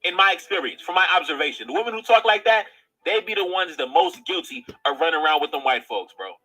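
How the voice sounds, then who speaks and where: A man lays out his opinions bluntly, tossing in "bro" again and again. His voice is bright and forceful, pitched a little high. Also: lively intonation, fast, poor audio. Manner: blunt, repeatedly says "bro". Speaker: commentator in a played clip. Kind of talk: casual opinion commentary.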